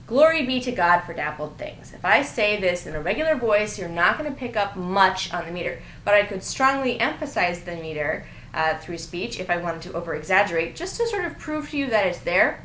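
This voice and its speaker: A woman's voice: mid-range voice, big pitch swings, a little fast, few pauses, fairly bright tone, a little hiss or hum. Woman lecturing in an echoey room. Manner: explanatory, lightly amused, reads examples aloud. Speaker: writing instructor. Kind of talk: recorded grammar lecture. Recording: roomy echo.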